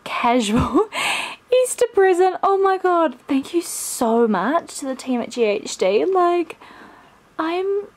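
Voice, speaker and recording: A woman, chatting excitedly to camera in a casual vlog and often dropping to a hushed voice. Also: on the high side. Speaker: vlogger.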